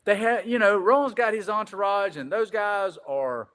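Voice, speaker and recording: A man's voice: high-pitched, a little slow, fairly bright tone. A man telling a long casual story as a podcast guest, rambling and repeating "I said," swearing casually. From Greenville.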